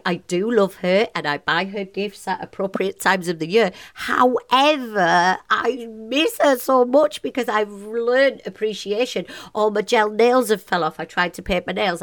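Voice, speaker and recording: A woman in her forties hosting a motivational podcast, talking in a bubbly, passionate way and laughing often. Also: medium pitch. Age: 40s. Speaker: podcast host. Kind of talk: upbeat motivational podcast monologue.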